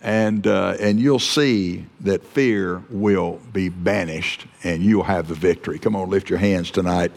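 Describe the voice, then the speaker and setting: A man's voice: low voice, unhurried, creaky, hardly any pauses, darkish tone. A man preaching a sermon, earnest, often repeating and restarting his words. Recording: long reverb of a hall.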